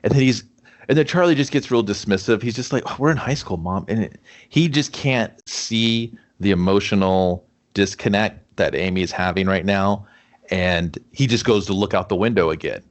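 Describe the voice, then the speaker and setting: A man with a fairly low voice weighs in as a podcast co-host, rambling through his thoughts on a film. He leans on filler words, restarts his sentences and swears freely. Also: moderate pace. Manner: rambling, profane, filler-heavy opinions. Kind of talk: casual movie review chat.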